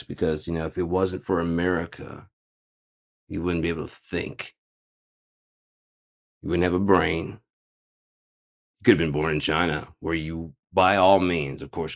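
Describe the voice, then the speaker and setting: Low gravelly guy ranting, sarcastic and swearing a lot. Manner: sarcastic, profane, rambling. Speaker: host. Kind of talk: casual ranting monologue.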